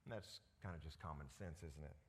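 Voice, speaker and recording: A man preaching a sermon as pastor, animated and full of rhetorical questions. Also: rumbling low, fairly quick.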